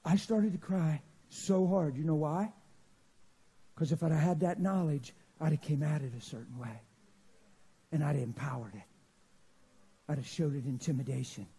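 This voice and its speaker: Husky high-voiced preacher man. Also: normal speed, pauses often. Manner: storytelling with sudden loud and hushed swings. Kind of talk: sermon. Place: church.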